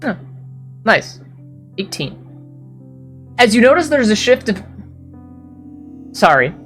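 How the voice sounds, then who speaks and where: A woman's voice: on the high side, big pitch swings, slow pace, a bit bright, soft background music. A woman narrating a tabletop role-playing game as game master, describing scenes in detail with brief apologetic asides.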